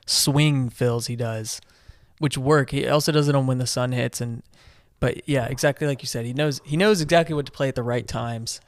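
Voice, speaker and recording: A man co-hosting a music podcast, rambling eagerly with plenty of restarts and fillers. His voice sits at an ordinary middle pitch. The sound is close and dry, with no room to it. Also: moderate pace, no room sound. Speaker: podcast co-host. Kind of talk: casual music discussion.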